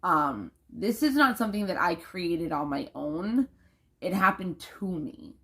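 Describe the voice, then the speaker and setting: Young new woman rambling on her vlog, gravelly low voice, swears a lot. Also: lively intonation, a little slow, bright, forceful tone. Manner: rambling, emphatic, swears freely. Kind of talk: casual vlog monologue.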